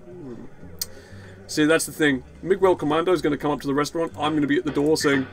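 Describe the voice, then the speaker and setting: A man's voice: fairly high pitch, fairly even intonation, fast, soft background music. A man giving rambling, jokey let's play commentary, swearing freely as he plays. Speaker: gaming video host.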